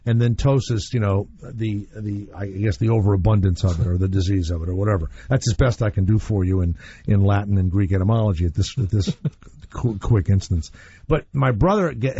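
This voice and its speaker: A man's voice: fairly low pitch, moderate pace, warm tone, husky, no echo. A man hosting a radio show, talking in a casual, rambling storytelling way. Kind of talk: casual talk radio chat. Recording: muffled radio broadcast.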